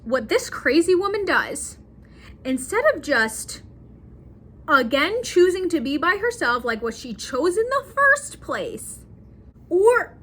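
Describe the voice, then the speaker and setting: A woman talks through a movie plot in a slow, unhurried way, her voice sitting a little high. She retells the scenes with dramatic flair, and a faint hiss lies under the recording. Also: very animated, a bit bright. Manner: chatty, dramatic retelling with acted quotes. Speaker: movie reviewer. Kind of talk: casual movie recap.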